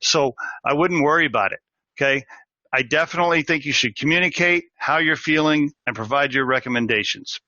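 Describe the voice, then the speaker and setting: A man in middle age talks through a story on his career podcast, his voice bright and forward. He speaks earnestly, often restarting a phrase. The recording is close and dry, with a slightly dull, muffled top end. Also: mid-range voice, no echo. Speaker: podcast host, recruiter. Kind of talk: solo podcast monologue.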